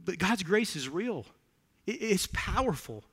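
Earnest male pastor, sermon delivery, a touch high-pitched, church reverb. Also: very animated, a little slow, fairly bright tone, breathy edge. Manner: earnest storytelling, repeats words when moved. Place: church sanctuary.

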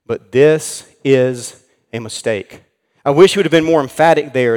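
A man preaching an earnest sermon in a church, slowing down to stress key words. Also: medium pitch, a little mellow, clean tone, long reverb tail. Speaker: pastor.

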